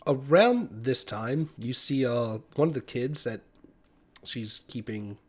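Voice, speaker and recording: A man in a middle pitch narrates a tabletop role-playing scene as game master. His delivery is casual and unpolished, stringing details together on the fly. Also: expressive, takes it slowly, husky. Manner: casual, many fillers and restarts while describing.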